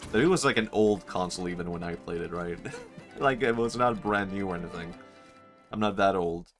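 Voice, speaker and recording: A streamer chatting casually while gaming, musing aloud, laughing often and mocking himself. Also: male voice, sits low, brisk, soft background music. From Sweden. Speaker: livestreamer.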